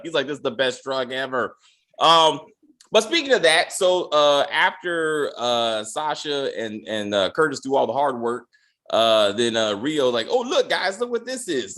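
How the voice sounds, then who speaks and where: A man hosting a casual TV episode review, animated, laughing, and acting out the characters' lines in voices. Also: mid-range voice. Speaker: show host.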